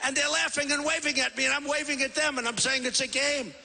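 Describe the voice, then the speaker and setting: A man's voice: extremely high pitch, fairly even intonation, fast talker, bright, forceful tone. A man in his sixties giving a rambling, boastful, repetitive campaign rally speech into a podium microphone in a large convention hall. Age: 60s. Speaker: presidential candidate. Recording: reverberant hall PA sound.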